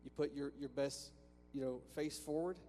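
A man's voice: medium pitch, steady tone, normal speed, warm tone, faint music behind. A man preaching a sermon to a congregation in a church, talking conversationally with restarts and rhetorical questions. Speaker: pastor. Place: church sanctuary with a balcony. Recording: long reverb from a church hall with faint hum.

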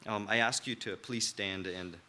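A young man preaching a sermon in an earnest, halting way, with many restarts and filler words. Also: on the low side, fairly even intonation, sharp tone, a little hiss or hum.

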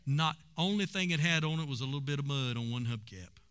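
A man's voice: mid-range voice, fast, fairly bright tone, clean tone. A man preaching a sermon and telling stories with emphasis. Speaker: pastor.

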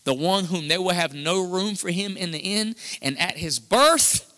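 A high-voiced, bright-toned man preaches into a handheld mic, swinging between near-shouts and hushed passages. His voice rings out with a long reverb from the hall. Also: animated, measured pace. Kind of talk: sermon. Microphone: handheld microphone.

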